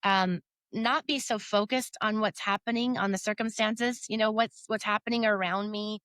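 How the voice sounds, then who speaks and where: A woman's voice: medium pitch, fairly even intonation, normal speed, fairly bright tone, no echo. A woman guest on a faith podcast, talking earnestly and at length, full of "you know"s and quotes of her own thoughts. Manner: earnest, rambling with many fillers and self-quotes. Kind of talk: faith-based conversational interview.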